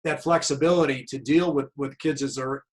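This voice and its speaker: A man's voice: mid-range voice, steady tone, a little fast, rough recording. A man hosting an interview as a tennis coach, chatty and telling anecdotes over a video call. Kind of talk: casual interview chat.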